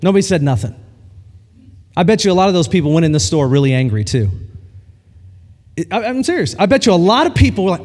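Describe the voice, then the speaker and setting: A male pastor preaching a sermon to a congregation, telling a story with lively acted-out dialogue. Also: high-pitched, fast, long pauses. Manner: animated storytelling preacher, acts out quoted dialogue. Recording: long hall reverb.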